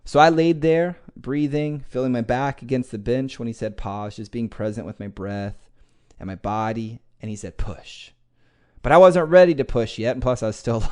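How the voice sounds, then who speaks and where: Animated male podcast host telling a story. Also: mid-range voice, clear, resonant tone. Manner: animated, conversational, swears casually. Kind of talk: motivational storytelling.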